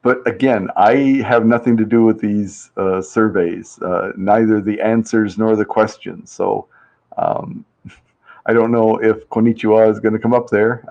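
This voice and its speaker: A man with a low, gravelly voice hosts a casual live-stream quiz, chatting along and reading out viewers' answers with quick laughs. The sound is a little dull, like lo-fi stream audio. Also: steady tone, a little mellow. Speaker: livestream host running a survey game.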